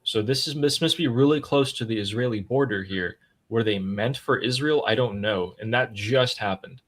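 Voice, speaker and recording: A man hosts a live news analysis stream, walking through breaking events in a matter-of-fact, casual way. His voice is medium-pitched and fairly bright, at a moderate pace.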